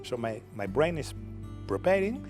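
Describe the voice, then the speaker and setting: Older Catalan man, halting non-native English. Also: mid-range voice, big pitch swings, darkish tone, faint music behind. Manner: halting, repeats words, frequent "okay?" tags, laughs often. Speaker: television producer, guest.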